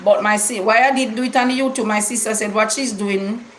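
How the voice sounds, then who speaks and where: Brisk and fairly bright in tone, this Jamaican-accented middle-aged vlogger relates a lengthy personal story to her YouTube viewers. Her fairly high voice keeps a fairly even intonation while she repeats words for emphasis in Jamaican English grammar, casual and forceful. The recording is rough, with slight background noise.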